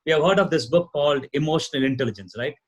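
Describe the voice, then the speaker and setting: A man's voice: fairly high pitch, rapid-fire, highs cut off, slight background noise. A middle-aged man with an Indian English accent, a trainer explaining ideas earnestly and with much repetition before a live audience. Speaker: guest speaker, corporate trainer. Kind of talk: lecture-style talk show answer.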